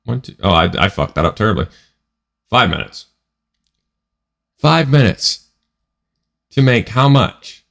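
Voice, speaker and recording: Male trading vlogger, lowish voice, emphatic and profane, stumbles over his words. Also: big pitch swings, moderate pace, gravelly, fairly bright tone. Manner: emphatic, profane, repeats himself. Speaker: trading educator. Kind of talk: casual vlog monologue.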